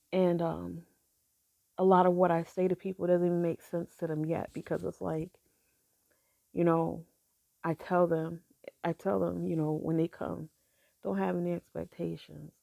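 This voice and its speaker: A middle-aged woman telling a personal story in a halting, soft-spoken way, with many pauses. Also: low voice, fairly even intonation, gravelly, no echo, studio quality. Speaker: grieving mother sharing her story.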